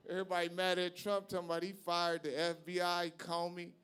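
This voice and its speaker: A male stand-up comedian performing live on a club stage, brash and profane, shouting his punchlines. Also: sits high, flat delivery, normal speed, smooth.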